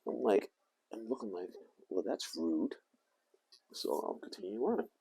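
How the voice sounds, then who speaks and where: An older man telling a rambling, animated story to the camera. He often corrects himself as he talks. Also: on the low side, normal speed, gravelly, breathy edge. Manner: animated, meandering, self-correcting. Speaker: vlogger.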